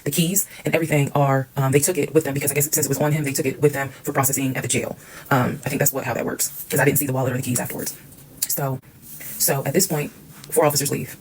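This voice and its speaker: A woman's voice: very deep voice, level tone, fast, a little hiss or hum, poor audio. A woman telling a personal story in a casual storytime monologue, candid and emphatic, swearing freely.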